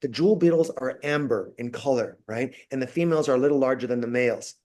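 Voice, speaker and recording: A man who lectures at a university, a podcast guest telling stories with lively, acted-out asides. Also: medium pitch, quick pace. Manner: animated storyteller, acts out quotes. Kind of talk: casual interview.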